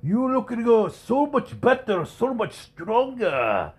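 Cheerful frail old man, put on by a man, high and drawn out. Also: sing-song, slow, heavily acted.

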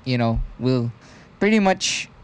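A man's voice: mid-range voice, lively intonation, measured pace, clean tone. A man co-hosting a casual podcast, rambling with hesitant fillers. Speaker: podcast co-host. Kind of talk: casual chat.

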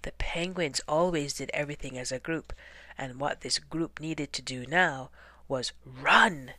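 A woman reads a children's picture book aloud in a soft, half-whispered voice. Her pace is very slow and her tone is bright and clear. The recording is close and dry, with no room around it. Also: sits low, no room sound. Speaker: storybook reader. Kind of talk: children's story read-aloud.

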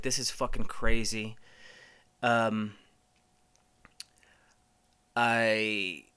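Man telling stories in a bright voice. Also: fairly low pitch, clear, resonant tone. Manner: profane, rambling, many fillers. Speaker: podcast host. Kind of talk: casual storytelling.

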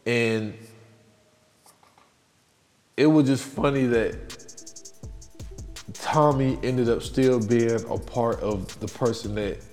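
A man hosting a podcast, casually retelling film scenes in a loose, animated way and acting out the quotes. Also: fairly low pitch. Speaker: podcast host. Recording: long reverb with faint music.

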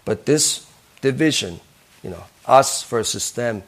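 A man's voice: mid-range voice, expressive, measured pace. A man preaching a sermon as a pastor, earnest, who keeps asking his listeners questions and ending points with "right?".

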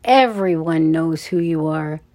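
A woman's voice: low-pitched, a little slow, darkish tone. A woman voicing an impatient red-headed male guard who barks orders in a storybook reading. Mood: barking. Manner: barking, impatient.

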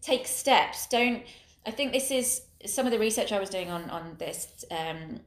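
A woman's voice: medium pitch, animated, unhurried. A woman in casual podcast conversation, chatty, checking in with "do you know what I mean". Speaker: podcast co-host. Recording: roomy echo.

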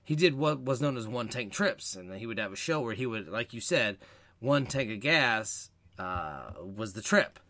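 A man's voice: medium pitch, no room sound. A man from Ohio co-hosting a podcast, chatting casually and joking in a teasing way. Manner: jokey, animated, quick to tease. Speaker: podcast co-host.

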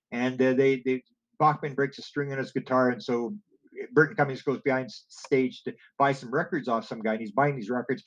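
A man's voice: medium pitch, muffled recording. A man telling long rambling stories in an interview, acting out the exchanges he quotes, with frequent restarts. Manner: digressive storyteller, acts out quoted exchanges, many restarts. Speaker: guest telling stories about music and alien experiencers. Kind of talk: rambling anecdotal interview talk.

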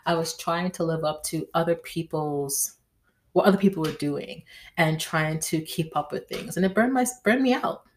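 A woman's voice: sits low, moderate pace, a little hiss or hum. A woman hosting a podcast in a casual, chatty way, often checking in with "right?". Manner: chatty, tags lines with "right?", slangy. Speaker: podcast host. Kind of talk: casual astrology chat.

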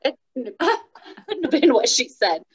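A woman co-hosting a casual chat, telling a story about her child with lively energy. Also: high-pitched, moderate pace, slightly rough. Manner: animated storyteller. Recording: dull lo-fi sound.

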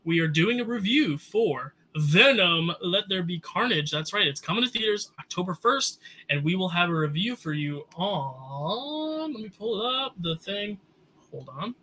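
Bright-voiced young man, chatty co-host. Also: high-pitched, very animated, low-quality recording. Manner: chatty, quick asides, lots of "like". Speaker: podcast co-host. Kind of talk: casual movie review chat.

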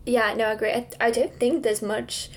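A woman hosts a casual podcast conversation, her voice a little high. She mostly listens and agrees, then adds calm, thoughtful remarks of her own. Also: brisk. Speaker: podcast host.

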